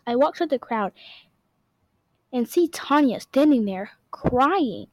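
A woman's voice: a little high, animated, unhurried, darkish tone, no room sound, low-quality recording. A woman reading a first-person diary story aloud in an earnest, dramatic manner. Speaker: narrator.

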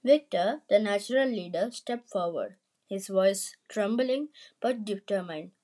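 A woman giving scripted, measured narration of a spooky horror story. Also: medium pitch, warm tone.

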